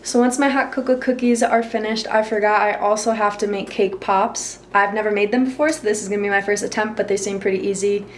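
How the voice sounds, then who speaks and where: A tired young woman chatting casually in a vlog, emotional and quick to laugh. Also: medium pitch, steady tone, a little hiss or hum. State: tired from no sleep. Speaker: vlogger.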